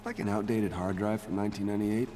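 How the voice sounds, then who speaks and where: Bruce Banner, voiced by a man, low and weary. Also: fairly even intonation, quick pace, dark tone, lightly acted. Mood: subdued. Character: calm, weary middle-aged male scientist.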